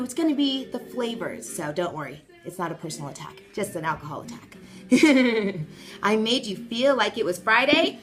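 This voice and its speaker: Bubbly bright-voiced woman hosting a live stream. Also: a little high. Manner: bubbly, greets viewers by name, playful. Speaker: live show host. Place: at home.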